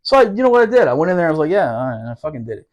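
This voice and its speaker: A man with a somewhat high voice tells a long, swearing story in loose podcast chat. He rushes some asides and laughs often. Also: dull audio. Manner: profane, animated, laughing, fast asides. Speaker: podcast guest telling a story. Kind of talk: casual storytelling.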